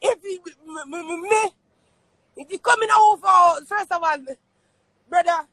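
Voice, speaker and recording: Jamaican man, very high voice, shouting, boastful, swearing, phone live stream. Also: normal speed, no echo. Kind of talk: heated argument on a live stream.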